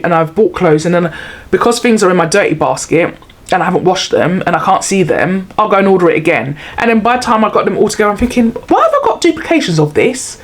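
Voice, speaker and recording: A middle-aged woman, chatting to camera in a rambling, self-mocking way. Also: fairly low pitch. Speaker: vlogger. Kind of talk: casual chat to camera.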